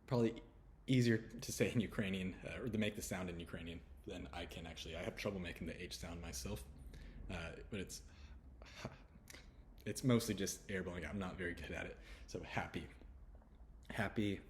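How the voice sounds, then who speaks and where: Deep-voiced man teaching pronunciation. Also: slight background noise. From Houston, Texas. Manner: relaxed, repeats sounds slowly and often. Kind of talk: casual spoken lesson.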